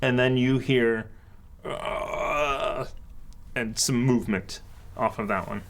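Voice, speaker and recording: A man narrating as dungeon master of a tabletop game, relaxed and halting, with many fillers. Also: mid-range voice.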